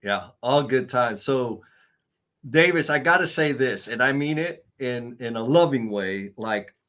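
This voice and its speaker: A man's voice: medium pitch, lively intonation, unhurried, fairly bright tone. A man hosting a live stream, upbeat and hyped, talking straight to the audience.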